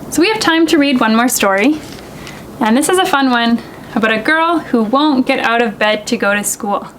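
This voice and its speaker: Librarian lady doing storytime, bit high voice, gentle and singsongy. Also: normal speed, slight background noise, poor audio. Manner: gentle, expressive, sing-song reading. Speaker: children's librarian. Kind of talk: storytime read-aloud for children.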